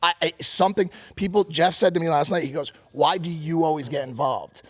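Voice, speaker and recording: A man co-hosting a podcast, telling a rambling, profane story and loudly acting out the people he quotes. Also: a little high, brisk. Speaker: podcast co-host. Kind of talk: animated storytelling.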